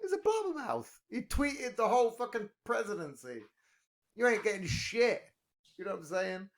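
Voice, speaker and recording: A man's voice: high-pitched, sing-song, normal speed. A man in casual podcast chat, rambling and profane, joking a lot. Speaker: podcast talker.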